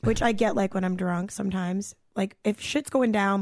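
A young woman hosts a casual podcast, retelling a night out in a chatty, rambling way full of "like". Her voice sits at a middle pitch for a woman. The sound is dry and close. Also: moderate pace, dry recording. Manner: chatty, lots of "like", animated retelling with quoted voices. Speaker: podcast host. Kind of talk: casual chat, storytelling.

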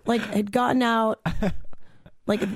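A woman's voice: on the high side, takes it slowly, dry recording. Young woman host rambling through a story, lots of "like", dry close sound. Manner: chatty, lots of "like", animated retelling with quoted voices. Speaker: podcast host. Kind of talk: casual chat, storytelling.

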